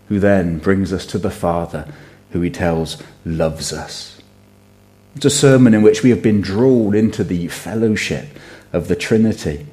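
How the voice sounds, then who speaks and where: A middle-aged man preaching a sermon in an earnest, measured way with emphatic phrasing. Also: sits low, mellow.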